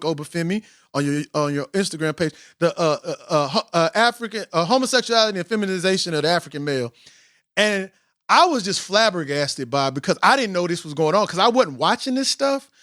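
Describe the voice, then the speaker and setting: A man in his forties hosts a casual podcast chat in a high, lively voice that leaps up and down. He talks with animation and quotes books at length. The sound is dry and close. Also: dry recording. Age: 40s. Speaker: podcast host.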